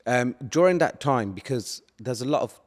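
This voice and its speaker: A man's voice: medium pitch, expressive, moderate pace, big-room sound. A male podcast host who asks long, rambling questions and encourages his guest with short affirmations. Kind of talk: conversational interview.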